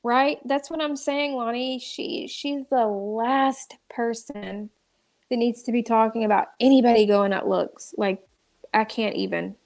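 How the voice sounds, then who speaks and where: Gravelly exasperated woman streamer. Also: on the high side, steady tone, unhurried, darkish tone. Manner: exasperated, ranting, frequent restarts. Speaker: drama commentary streamer. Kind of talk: live stream commentary.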